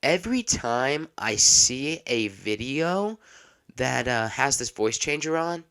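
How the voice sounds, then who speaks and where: A man's voice: mid-range voice, lively intonation, slow, a bit bright, clean tone. A man hosting a solo podcast, talking in a rambling, exasperated way. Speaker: podcast host.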